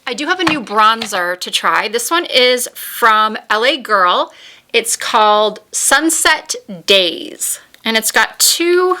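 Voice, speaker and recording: Bright chatty woman doing a makeup vlog at home, talks thru every step. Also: medium pitch. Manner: chatty, giggly at times, narrates each step. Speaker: beauty vlogger. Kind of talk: casual makeup tutorial chat. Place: home room with a window.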